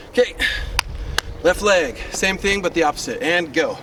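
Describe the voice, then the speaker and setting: Upbeat coach far from the mic outdoors. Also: male voice, high voice, sing-song, a little slow, pauses often. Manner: upbeat and encouraging, chatty with fillers. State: a little winded. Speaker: sword fighting coach. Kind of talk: outdoor class instruction, counting reps. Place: outdoors in a residential neighborhood. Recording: distant mic with loud street noise.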